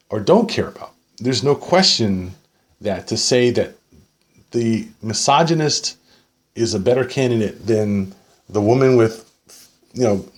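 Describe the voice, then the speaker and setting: A man with a somewhat low voice gives a solo commentary, reading an article and picking it apart. He argues insistently, throws in sarcastic asides and keeps driving his points home with "okay?". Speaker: political commentator.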